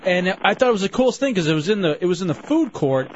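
A man hosting a radio show, chatting casually and joking around, quick to rattle off phone numbers. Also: high voice, very animated, slight background noise. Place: radio studio. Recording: slightly muffled broadcast audio.

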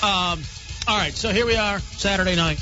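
A man's voice: high voice, normal speed. A man hosting a live radio talk show, teasing his co-host in a mock-arrogant, boastful way. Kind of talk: casual radio banter. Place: radio studio. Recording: dull lo-fi radio broadcast with faint music.

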